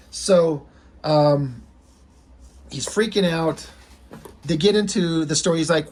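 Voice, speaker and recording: A man's voice: a little high, fairly even intonation, moderate pace, a little mellow. A man casually retelling comic strips in loose, rambling talk that slips into offhand swearing. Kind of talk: casual storytelling.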